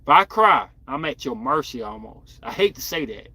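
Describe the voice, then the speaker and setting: A man hosting a podcast, chatting casually and bluntly in slang with animated outbursts as he reacts to viewer comments. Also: mid-range voice, normal speed, slightly rough, dry recording. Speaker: podcast host.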